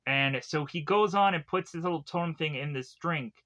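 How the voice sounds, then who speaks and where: A man's voice: on the high side, moderate pace, pushed and bright. A young adult man recapping a movie in a casual, rambling way full of fillers. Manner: rambling, filler-heavy retelling. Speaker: film reviewer.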